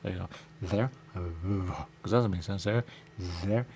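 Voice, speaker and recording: Brief: male radio host, low gravelly voice, rambling mumbled patter with faint hiss behind. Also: unhurried, darkish tone. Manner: mumbling, repeats "there you go", chuckles. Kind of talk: rambling casual talk.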